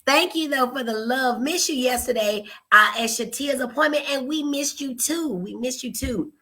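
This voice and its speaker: This host, a psychiatrist and pediatrician, speaks in a high voice at a moderate pace, with background noise behind her. Her live stream is chatty and playful: she welcomes viewers by name, calls them y'all and honey, teases, and pokes fun at herself.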